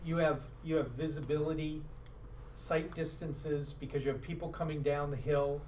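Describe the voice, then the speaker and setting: A man's voice: on the high side, steady tone, normal speed, a little mellow. A man at a town board meeting, cautiously explaining practical concerns. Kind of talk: municipal board meeting discussion. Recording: distant mic, faint room hum.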